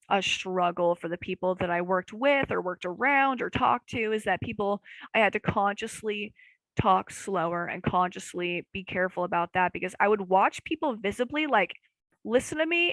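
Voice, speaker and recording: Casual young woman podcast host, rambling and self-deprecating, gravelly voice, dry close sound. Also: medium pitch, a bit bright, dry recording, rough recording. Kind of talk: casual chat.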